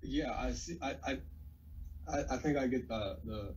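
A young man calling in for advice, answering in a hesitant, halting way. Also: mid-range voice, darkish tone, slight background noise, poor audio. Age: young adult. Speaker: caller.

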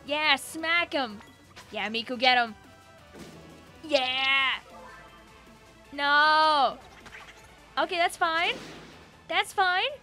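A woman hosting a gaming channel, giving excitable, joking let's-play commentary and talking to the characters on screen. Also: sits high, very slow, pauses often, soft background music.

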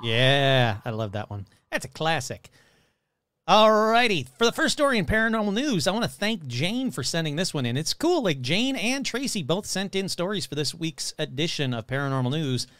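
A man's voice: a little high, very animated, normal speed, fairly bright tone, clear, resonant tone, no echo. A man hosting a podcast, talking casually and jokily as he rattles off long lists of listener names. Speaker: podcast host.

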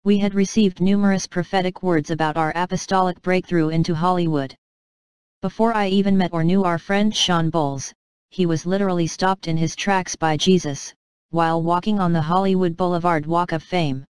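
A woman narrates her own devotional memoir with an earnest, measured delivery. Her voice sits a little low and sounds smooth and clear. The recording is close and dry. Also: steady tone, dry recording, rough recording.

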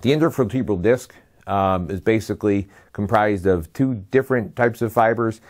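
A man's voice: on the low side, normal speed. A man giving a slide lecture as a medical lecturer. He lists terms one by one in a methodical way and adds brief dry asides.

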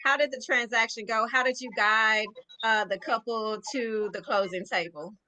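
A woman's voice: on the high side, fairly even intonation, moderate pace, pushed and bright, dry recording, low-quality recording. A woman hosting an interview, upbeat and enthusiastic in her questions. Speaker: host. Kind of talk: hosted interview.

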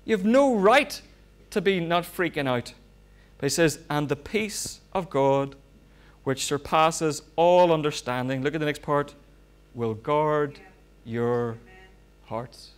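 A pastor preaching a sermon, swinging from loud fervent bursts to quiet asides. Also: male voice, fairly high pitch, slow, long pauses, clean tone.

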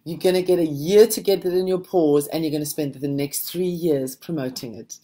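A woman with a slightly low voice talks to aspiring authors. Her manner is reflective and steady. She sounds like a mentor sharing hard-won advice in an easy conversation. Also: fairly quick. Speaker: book mentor and host. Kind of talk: casual conversation to a writing group.

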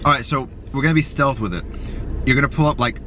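A man's voice: mid-range voice, fast talker. A young man vlogging in a house, joking and laughing through casual banter. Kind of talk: casual chat. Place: indoors in a house. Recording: noisy home video.

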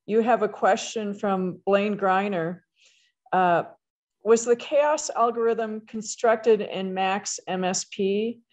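A woman moderator reading audience comments and questions aloud in a measured way over a video call. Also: medium pitch, darkish tone.

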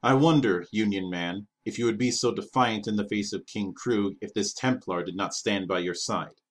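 Man doing a loud blustering alien pirate king. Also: on the low side, normal speed, lightly acted. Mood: mocking. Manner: blustering, gruff demands.

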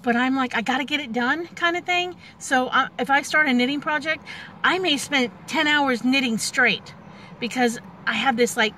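Woman, 40s, vlogger; candid rambling storyteller, fairly high voice, faint background noise. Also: pushed and bright. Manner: candid and rambling, with many fillers and restarts. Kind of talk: personal storytelling vlog.

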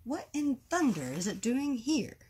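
A woman voicing a hot-tempered male museum owner in a storybook, blustering and shouting, her pitch raised. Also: sing-song, measured pace, a little hiss or hum, heavily acted. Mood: furious.

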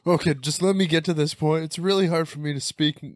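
A man's voice: a little high, fairly even intonation, fairly quick, dry recording, studio quality. A man in casual comedic podcast chat, earnest and rambling, often losing his thread.

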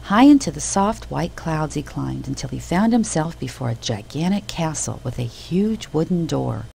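A woman narrating a children's storybook in an expressive, animated way. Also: sits low, moderate pace, vocal fry, low-quality recording.

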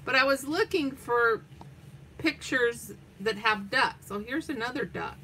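A woman's voice: a little high, a little slow, bright, forceful tone, slight background noise. Chatty older woman crafting on a livestream. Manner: chatty and meandering, thinking aloud while cutting out pictures. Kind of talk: casual livestream chat and reading a children's story aloud.

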